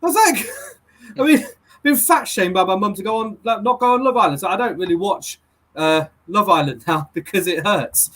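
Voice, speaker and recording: A man comedian telling a rambling, self-deprecating story in halting bursts. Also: high voice, animated, a bit bright. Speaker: comedian panelist. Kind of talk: comic anecdote on a panel show.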